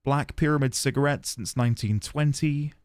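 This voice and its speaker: A man's voice: medium pitch, moderate pace, darkish tone, clear, resonant tone, no echo, studio quality. A man streaming a game, musing aloud playfully as he reads notes and explores. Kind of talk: let's-play commentary.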